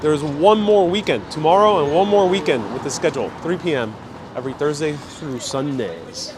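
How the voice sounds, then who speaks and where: A man's voice: a little high, moderate pace. A man with an American accent, hosting a live walking vlog outdoors and chatting while he reads out viewer comments. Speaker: travel vlogger. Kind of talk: live-stream walking vlog, reading chat. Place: outdoors on a city street. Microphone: handheld phone. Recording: noisy street.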